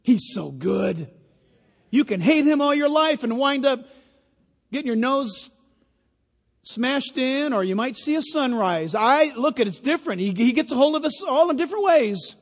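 A man's voice: very high-pitched, lively intonation, measured pace. A man preaching a sermon, emphatic and full of stories. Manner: emphatic, storytelling. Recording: long hall reverb.

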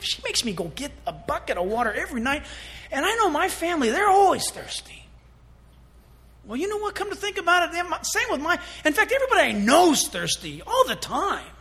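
A male pastor delivering a sermon in church. His voice sits very high for a man and rings bright and forceful. He talks animatedly, slipping into little acted-out voices. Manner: animated, acts out scenes in voices.

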